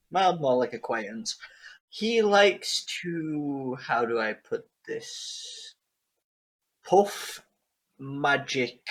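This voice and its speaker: A man's voice: medium pitch, poor audio. A man voicing an eager, odd male adventurer who hesitates and fumbles for words.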